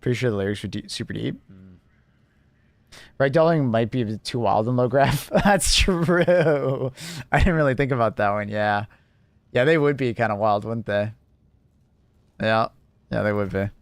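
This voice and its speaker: A young man live-streaming and chatting casually with viewers, rambling with lots of fillers and quick laughs. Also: mid-range voice, gravelly, dry recording.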